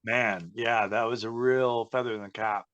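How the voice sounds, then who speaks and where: A man, a former pro wrestler, telling backstage stories in a chatty, animated way on an interview podcast. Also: mid-range voice, moderate pace, no room sound, muffled recording. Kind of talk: casual interview storytelling.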